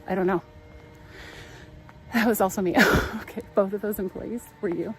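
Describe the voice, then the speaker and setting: A woman's voice: mid-range voice, steady tone, moderate pace, soft background music, poor audio. A woman with a Californian accent, hosting a live travel stream and telling a rambling story from inside a car, laughing often. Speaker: travel livestream host. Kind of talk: casual chat while driving.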